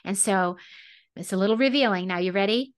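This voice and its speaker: A woman's voice: medium pitch, fairly quick. A woman hosting an interview podcast, speaking in a casual, affirming way and often saying yes to her guest. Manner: warm affirming, frequent "yeah". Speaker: podcast host.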